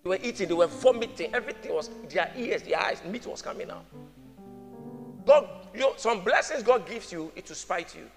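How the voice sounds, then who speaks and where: A man's voice: high-pitched, animated, a little fast. A man preaching a sermon as pastor, calling the congregation to answer and acting out the people in his stories. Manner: preaching with call-and-response, acting out voices. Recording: music with long hall reverb.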